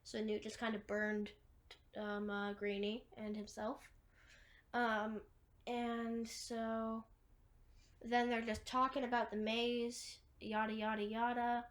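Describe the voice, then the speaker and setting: Woman recapping a movie plot, kinda high voice, rambles w tons of fillers. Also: completely flat delivery, slow. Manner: rambling, many fillers and restarts. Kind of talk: casual plot retelling.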